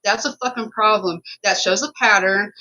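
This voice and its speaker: Podcast co-host, woman; bright, forceful voice, swears a lot, talks in heated run-ons. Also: medium pitch, poor audio. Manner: emphatic and profane, rapid run-on storytelling. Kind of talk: casual podcast storytelling.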